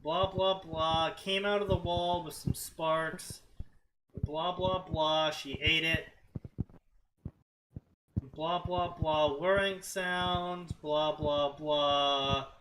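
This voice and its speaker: A man's voice: on the high side, steady tone, extremely slow, noisy background. A man co-hosting a stream, reading fanfiction aloud and skimming parts with mocking "blah, blah" asides. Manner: skims text with mocking "blah, blah". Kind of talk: casual stream commentary.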